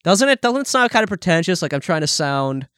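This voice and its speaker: A man's voice: high voice, very animated, brisk, fairly bright tone, smooth, dry recording, studio quality. A young man co-hosting a podcast, chatting casually, swearing a lot and breaking into little sung jingles. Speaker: podcast co-host. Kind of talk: casual chat.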